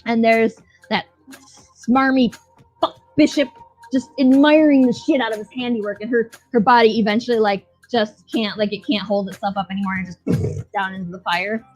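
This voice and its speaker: A woman co-host talking loosely and profanely, piling on fillers and restarts as she recaps a show. Her voice sits a little high, with faint music behind her. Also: fairly even intonation, normal speed, darkish tone, rough recording. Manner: profane, rambling, with lots of fillers. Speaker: podcast co-host. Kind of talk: casual recap chat.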